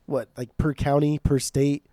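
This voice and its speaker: Sweary animated American podcast guy. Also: fairly high pitch, a little slow, no room sound, studio quality. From United States. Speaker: podcast co-host. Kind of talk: casual chat.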